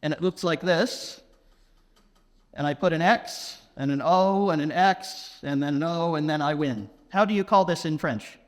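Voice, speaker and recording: A man giving a conference keynote, playfully quizzing the audience and speaking slowly and deliberately. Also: a little high. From England. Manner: playful, quizzes the audience, slow deliberate phrasing for non-native listeners. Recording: long hall reverb.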